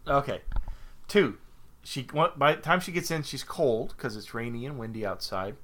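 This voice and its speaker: A man's voice: medium pitch, normal speed, a bit bright, slight background noise. A man co-hosting a podcast, retelling a film plot step by step in casual chat, sometimes exasperated by interruptions. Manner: methodical, slightly exasperated. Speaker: podcast co-host.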